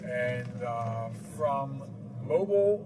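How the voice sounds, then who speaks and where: A man's voice: mid-range voice, animated, drawn-out words, loud music behind the voice. A male radio host chatting casually on the road, rambling with many fillers, recorded in a moving car. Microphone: portable mic in the car. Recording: loud road noise, mic a bit far off. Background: car and traffic noise.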